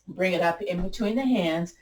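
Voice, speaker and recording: A woman teaching a gentle yoga class, guiding breath and poses with a chatty, self-teasing manner, recorded in a room at home. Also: on the low side, moderate pace. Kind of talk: guided yoga class instruction. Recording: roomy sound from a distant mic.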